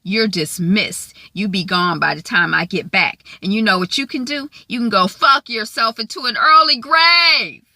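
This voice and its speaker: A woman's voice: mid-range voice, normal speed, few pauses, sharp tone, no room sound, clean studio sound. A woman voicing a corrupt male magistrate who sounds indignant and self-righteous. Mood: contemptuous.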